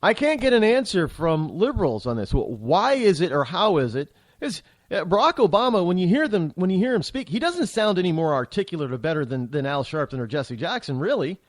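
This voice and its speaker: High, lively-voiced male political host. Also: fairly quick, hardly any pauses, no room sound. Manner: heated, opinionated, rambling with frequent restarts. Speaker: talk show host. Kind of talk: political commentary monologue.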